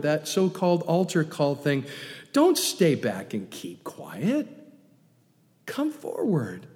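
A male pastor preaching a sermon, urging loudly one moment and dropping to soft, hushed asides the next. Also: sits high, big pitch swings, slow. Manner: emphatic, swings between loud urging and soft hushed asides. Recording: reverberant hall.

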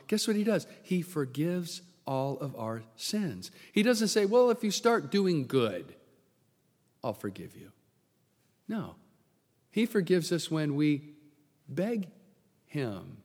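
A man preaching a sermon, swinging from loud bursts to hushed near-whispers and acting out the voices in his story. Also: fairly high pitch. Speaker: pastor. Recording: long hall reverb.

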